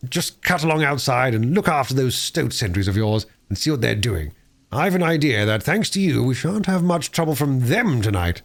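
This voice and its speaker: Placid, commanding old storybook badger, low-key and firm, as a man reads him. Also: big pitch swings, moderate pace, gravelly. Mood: calm, commanding. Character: gruff, steady old male badger leader.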